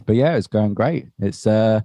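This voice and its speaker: A man co-hosting a podcast, telling stories in relaxed casual chat and laughing often. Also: lowish voice, moderate pace, no room sound, studio quality. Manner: chatty storyteller, laughs often. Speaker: podcast co-host.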